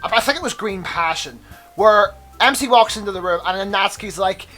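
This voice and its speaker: A man's voice: high-pitched, animated, normal speed, pushed and bright, faint music behind. A young man hosting a let's play, chatting casually, laughing often, swearing and stopping to rant about the game.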